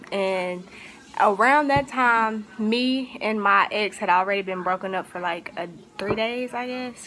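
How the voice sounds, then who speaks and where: A woman's voice: mid-range voice, bright, forceful tone. A young woman telling a personal story in a casual, rambling way, full of fillers and restarts, with a faint hiss behind her. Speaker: vlogger.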